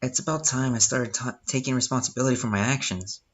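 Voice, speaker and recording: A man's voice: mid-range voice, fast talker. A young man casually reading a visual novel aloud, breaking off with joking asides. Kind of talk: casual live game reading.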